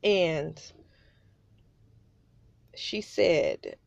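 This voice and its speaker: A woman's voice: low-pitched, huge pitch swings, extremely slow, creaky, no echo. A woman hosting a podcast, telling a personal story in a heartfelt way, often speaking straight to her listeners and holding back tears. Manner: heartfelt, addresses listeners as you guys. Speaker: podcast host.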